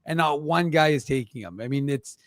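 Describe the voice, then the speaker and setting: A man's voice: fairly high pitch, brisk, dry recording, clean studio sound. A man co-hosting a casual hockey post-game show, bluntly critiquing defensive play and laughing easily.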